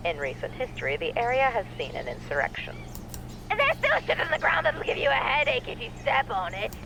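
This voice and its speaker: A woman's voice: high voice, wildly swooping pitch, fairly quick, bright, forceful tone, a little hiss or hum, voice pushed up, exaggerated voice, rough recording. A woman voicing a curt male military guard who speaks in a cold, clipped, sarcastic way while reading a game's dialogue aloud.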